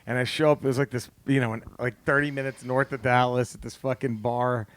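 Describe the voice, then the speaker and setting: A man from Texas, a comedian and podcast host, telling a story in casual chat, animated and swearing, laughing through it. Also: medium pitch, brisk, no room sound.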